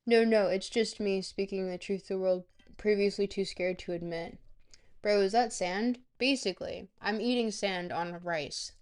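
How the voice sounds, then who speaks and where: A woman streamer chatting casually to her viewers, rambling between bites and filling pauses with ums. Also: medium pitch, a little mellow.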